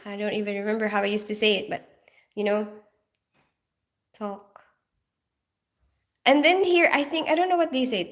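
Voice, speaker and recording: A woman's voice: on the high side, animated, normal speed, long pauses, fairly bright tone. A woman with a Filipino accent, casually chatting and laughing with viewers on a livestream, greeting them by name. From Philippines. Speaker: livestream host reading chat. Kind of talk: casual live chat.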